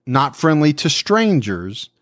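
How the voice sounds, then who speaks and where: A man's voice: fairly high pitch, very animated, no echo, clean studio sound. A man co-hosting a true-crime podcast, talking through a case in a musing, conversational way. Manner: musing, conversational, quick to laugh. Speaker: podcast co-host.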